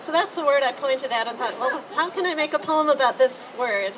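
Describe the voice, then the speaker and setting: Female poet, friendly explaining tone, higher voice, street recording from a distance. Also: expressive, brisk, a crowd in the background. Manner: friendly, explanatory, light fillers. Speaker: poet giving a reading. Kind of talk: introducing and reading a poem. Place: outdoors downtown street. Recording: distant mic, street noise.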